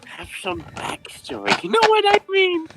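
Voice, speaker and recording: A man's voice: very high voice, huge pitch swings, moderate pace, over music, heavily acted. A man voicing a drunk young male paladin in a tabletop game, slurring, swearing and rambling.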